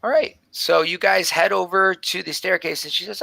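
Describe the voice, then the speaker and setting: A man's voice: high voice, steady tone, moderate pace, gravelly, hardly any pauses, bright, forceful tone, no echo, low-quality recording. A man narrating as game master of a tabletop game, describing scenes loosely with many fillers.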